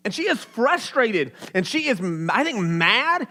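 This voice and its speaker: A young pastor delivers his sermon with an unusually high-pitched voice. He preaches in a casual, animated way, as if talking with the congregation. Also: a little slow, few pauses.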